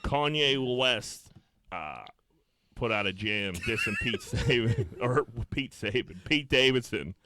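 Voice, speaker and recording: A man's voice: mid-range voice, huge pitch swings, slow, noisy background. A man hosting a podcast with a Pittsburgh accent, talking in loose, profane banter and laughing often. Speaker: podcast host.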